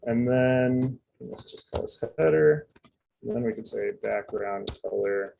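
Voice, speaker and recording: A man's voice: mid-range voice, unhurried, creaky, a little mellow, a little hiss or hum, poor audio. A man giving a casual live coding demonstration, chatty and loose, full of fillers and asides. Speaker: presenter.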